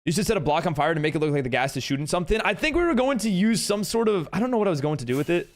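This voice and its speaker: A man's voice: sits high, animated, racing. A man chatting with his live-stream viewers while gaming, rambling with many fillers and restarts and greeting viewers upbeat. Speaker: livestreamer and server host.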